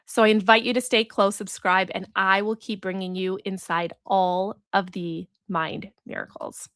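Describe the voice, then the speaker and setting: A woman's voice: mid-range voice, level tone, normal speed, fairly bright tone, no room sound, studio quality. A woman hosting a solo podcast, telling a story in an earnest, reflective way and acting out the voices she quotes. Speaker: podcast host and business coach.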